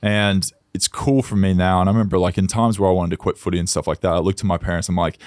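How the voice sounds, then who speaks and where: An American man from Texas with a very deep voice rattles along at a quick clip. He sounds earnest and casual, leaning on "like" as filler. The sound is close and dry, with no room around it. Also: steady tone, no room sound. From Texas, USA. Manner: fast, heartfelt, heavy use of "like". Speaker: podcast guest, athlete. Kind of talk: casual conversation.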